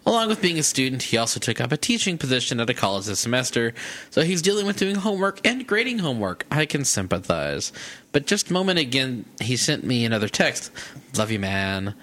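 A man hosting a podcast who reads a listener's email aloud in an animated way and laughs between lines. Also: medium pitch, quick pace. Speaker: podcast host.

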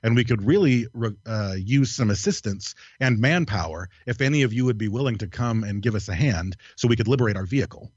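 A man doing a stranger who talks in stiff, prim phrases, flat of any accent and a touch brisk. He sounds oddly proper and unplaceable. The sound is dry and slightly dull. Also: on the low side, husky, no echo. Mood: stiffly polite. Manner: prim, overly formal vocabulary, accentless. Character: oddly formal, stilted male stranger.

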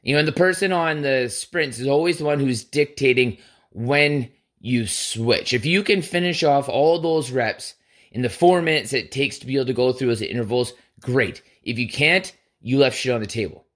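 A man's voice: medium pitch, normal speed, a bit bright. A man hosting a podcast and telling a workout story in a casual monologue, blunt and full of swearing, acting out what he and others said. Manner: blunt and profane, heavy cursing; acts out his own quoted lines. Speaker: podcast host.

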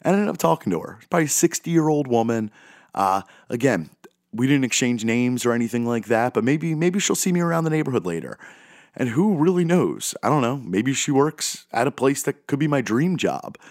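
A man's voice: medium pitch, sing-song, fairly quick, darkish tone, dry recording, studio quality. A man hosting a podcast, talking in a rambling, self-deprecating, goofy way. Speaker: podcast host. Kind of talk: casual monologue.

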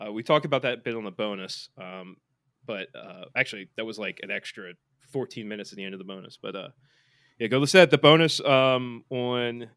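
A man's voice: lowish voice, fairly quick, a bit bright, no room sound. Rambling male podcast co-host, dry sound. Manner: rambling, many fillers and restarts. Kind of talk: casual sports chat.

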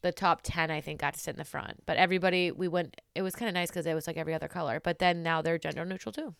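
A young woman chatting casually in a relaxed way. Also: on the low side, fast talker, creaky, smooth, dry recording, clean studio sound. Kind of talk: casual chat.

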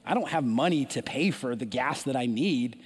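A man preaching a sermon as an animated story, with frequent restarts and asides. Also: mid-range voice, moderate pace, breathy edge, in a large hall.

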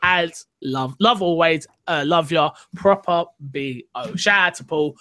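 A man's voice: on the high side, measured pace, bright, forceful tone. A young man hosting a gaming podcast, chatty and rambling in a casual way. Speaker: podcast host.

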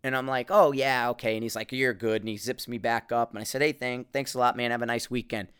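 Man, middle-aged, podcast host, smooth clear voice, loose animated storytelling, frequent cursing and restarts. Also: mid-range voice, fast. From Connecticut, US East Coast. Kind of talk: casual monologue.

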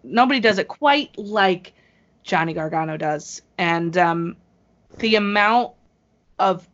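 A woman chatting casually as a podcast co-host, an excited fan talking quickly with frequent restarts. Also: on the low side. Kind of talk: casual chat. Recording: slightly dull lo-fi audio.

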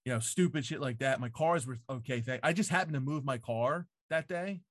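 With a fairly bright tone and a slightly quick delivery, a middle-pitched man tells a loose, cursing story stuffed with "like" fillers. It's casual chat in a home basement, recorded close and dry with no echo.

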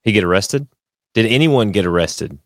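A man's voice: fairly low pitch, lively intonation, moderate pace, no room sound, studio quality. A man co-hosting a podcast in casual, crude chat, teasing and interrupting his partner with jokes. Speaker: podcast co-host.

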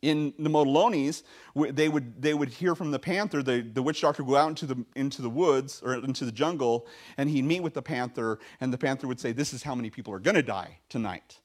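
A male pastor preaching a sermon in a conversational, animated way, with frequent fillers and restarts. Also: mid-range voice, brisk.

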